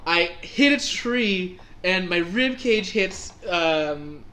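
A young man telling a story in casual chat, animated and laughing as he acts out his own reactions. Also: high voice, slow.

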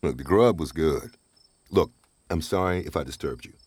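A deep-voiced wisecracking drifter. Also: male voice, moderate pace, a little mellow, breathy edge, no echo. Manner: wisecracking, talkative, laughs often. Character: down-on-his-luck divorced father, chatty and wry. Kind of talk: radio drama acting.

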